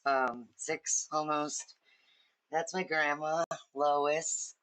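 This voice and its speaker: A woman's voice: sits low, fairly even intonation, very slow, fairly bright tone. A woman hosting a casual livestream from home, chatting in a rambling, friendly way to viewers while she colors. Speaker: livestream host.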